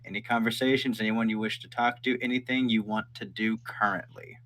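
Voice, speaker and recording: A man narrating as game master in a relaxed, chatty way, voicing the people the players meet. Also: on the low side, fairly quick.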